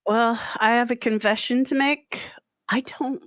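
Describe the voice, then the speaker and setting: A woman from the American West Coast with a West Coast accent, chatting casually over push-to-talk voice chat, laid-back and pausing rather than filling with uh. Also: a little high, fairly even intonation, fairly bright tone, dry recording. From West Coast of the United States. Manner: laid-back, pauses instead of saying uh, laughs often. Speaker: player in an online tabletop game group. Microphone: push-to-talk voice chat mic. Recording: dull lo-fi voice chat.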